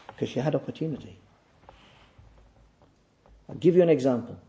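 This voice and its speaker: A man preaching a sermon, emphatic and repetitive, swinging between loud declaiming and quiet asides. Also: medium pitch, normal speed, pauses often, a little hiss or hum. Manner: emphatic, repeats phrases for stress. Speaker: pastor.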